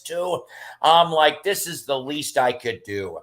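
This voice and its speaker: Animated middle-aged man telling stories. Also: fairly high pitch, a little slow. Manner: rambling and animated, with many fillers. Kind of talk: casual storytelling chat.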